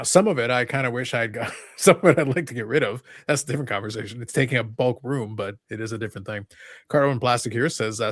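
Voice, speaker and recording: Fast chatty guy hosting a podcast, dry close sound, middle pitch. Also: no echo. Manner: fast, excitable, reads viewer comments aloud. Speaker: podcast host. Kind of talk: casual live podcast chat.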